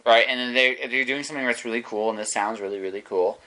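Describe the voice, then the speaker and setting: A man's voice: medium pitch, quick pace, bright, forceful tone, rough recording. A man hosting a podcast, chatting eagerly with stammering restarts. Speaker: podcast host. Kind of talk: casual interview chat.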